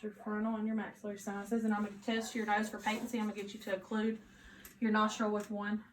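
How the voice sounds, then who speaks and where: A woman's voice: mid-range voice, fast. Woman, nursing student, step-by-step exam narration, roomy echo, faint background hiss. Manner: steady, instructive, step-by-step directions. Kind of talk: narrated physical assessment demo. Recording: echoey room with faint ambience.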